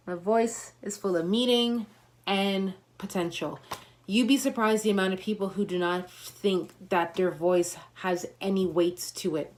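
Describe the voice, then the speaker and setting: Woman, motivational speaker on a live stream, slightly low voice, punchy and emphatic. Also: a little mellow. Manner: emphatic, coaching, repeats affirmations with punchy slang. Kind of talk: motivational talk on a livestream.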